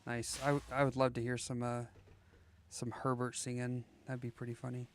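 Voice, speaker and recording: A man's voice: mid-range voice, monotone, normal speed, slight background noise. A man streaming a game and chatting casually, rambling with lots of fillers and playfully slipping into sing-song voices. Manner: rambling, with many "like" and "you know" fillers. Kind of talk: casual live gameplay chat.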